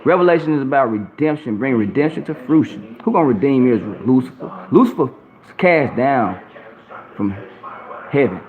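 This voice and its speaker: A man reads Bible verses and preaches profanely, dropping to low murmurs and rising to loud outbursts. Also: lively intonation, normal speed. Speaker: self-styled preacher. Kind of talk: reading and preaching scripture to camera. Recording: tinny phone-like audio with faint background hum.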